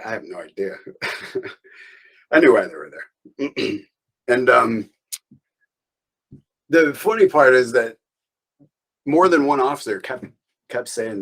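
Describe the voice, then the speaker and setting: A man's voice: medium pitch, a bit bright, poor audio. A man being interviewed, telling a long story in a loose, rambling way with restarts and small laughs. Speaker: interview guest.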